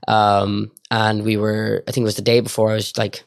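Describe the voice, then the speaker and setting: A young man with an Irish accent, a guest telling stories casually, quick and full of fillers and acted-out dialogue. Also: lowish voice, completely flat delivery, creaky, no room sound, studio quality. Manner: rapid, filler-heavy storytelling full of quoted dialogue. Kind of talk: casual storytelling.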